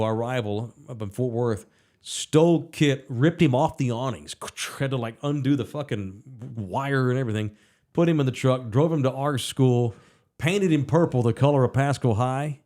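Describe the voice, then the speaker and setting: A man's voice: medium pitch, normal speed, darkish tone. A man co-hosting a podcast, telling a rambling, profane story in casual chat. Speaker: podcast co-host.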